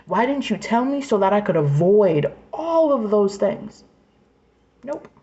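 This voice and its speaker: A woman's voice: mid-range voice, sing-song, a little slow, dark tone, highs cut off. A woman in her twenties venting in an emotional personal rant, angry, raw and profane, sometimes dropping to a whisper. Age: 20s. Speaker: vlogger.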